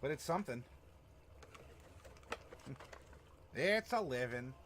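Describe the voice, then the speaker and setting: A man's voice: medium pitch, lively intonation, takes it slowly, fairly bright tone, slight background noise. A man hosting a tabletop role-playing live stream, chatting casually and rambling with chuckles while reacting to chat. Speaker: stream host.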